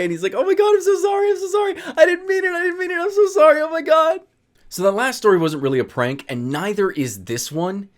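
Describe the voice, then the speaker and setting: A young man tells his high school stories in a loose, chatty way, his pitch swinging up and down as he gets into it. He acts out his friends' lines and laughs along. His voice sits at an ordinary middle pitch. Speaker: storyteller vlogger. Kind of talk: casual storytelling.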